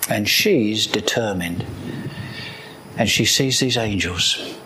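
A man preaching a sermon, animated and throwing rhetorical questions at his listeners. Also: lowish voice, slow, slight background noise, low-quality recording.

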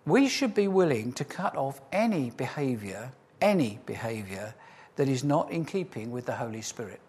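Husky guy preaching, punchy repeats, slows down to hit a point. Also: mid-range voice, very animated, darkish tone. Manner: preaching with emphatic repetition, slows for stress. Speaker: pastor. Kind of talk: sermon.

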